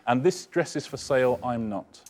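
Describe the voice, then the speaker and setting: A man co-hosting a quiz show from a studio desk, with a mid-pitched voice. His delivery is dry and low-key, sliding into deadpan quips with a few hesitant fillers. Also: normal speed, very noisy. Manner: dry, quipping, slightly rambling with fillers. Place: television studio.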